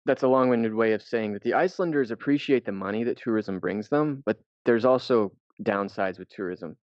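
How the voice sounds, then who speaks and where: A rather low-voiced man rambles through a casual podcast story, swearing freely as he goes. The audio is dry and a little dull, with no room sound. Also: a little fast, a little mellow, dry recording. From United States. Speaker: podcast co-host.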